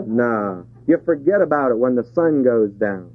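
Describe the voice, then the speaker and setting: A man's voice: mid-range voice, big pitch swings, takes it slowly, long pauses, a little hiss or hum. A man preaching a sermon to a congregation, asking rhetorical questions and chuckling between points. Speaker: pastor. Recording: tinny phone-like 1970s tape.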